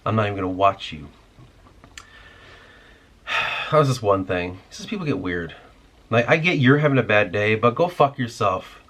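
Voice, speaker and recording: A man's voice: fairly low pitch, animated, moderate pace, long pauses, a bit bright. A man hosting a podcast, delivering a rambling, irritated, profane rant in casual talk. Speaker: podcast host.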